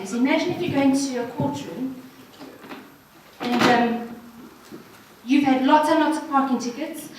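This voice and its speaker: A woman's voice: sits high, a little mellow, slight background noise. Woman speaking earnestly in an echoey hall. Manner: earnest, encouraging, addresses audience directly. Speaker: guest speaker. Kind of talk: personal testimony talk. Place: hall at a ladies' social evening. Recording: echoey room from far off.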